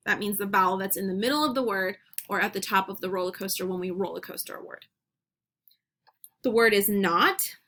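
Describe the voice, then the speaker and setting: A woman teacher leading young children through a phonics lesson, speaking clearly and encouragingly and repeating each word, recorded on a computer at home. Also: mid-range voice, pushed and bright. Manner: slow, clear, encouraging classroom delivery with repeated words.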